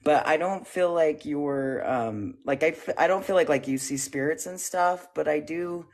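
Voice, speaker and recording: A man's voice: on the high side, normal speed. A man calling in to give an energy reading, hesitant, full of ums and likes, a little out of breath. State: slightly out of breath. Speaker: caller, self-described psychic. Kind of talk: casual call-in reading.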